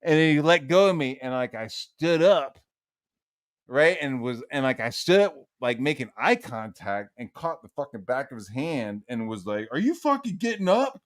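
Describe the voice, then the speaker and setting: A man's voice: medium pitch, moderate pace, no room sound, studio quality. A man co-hosting a livestream, telling a story in casual comedic chat, swearing freely and acting out the people in it. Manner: animated storyteller, heavy swearing, acts out quotes. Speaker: livestream co-host.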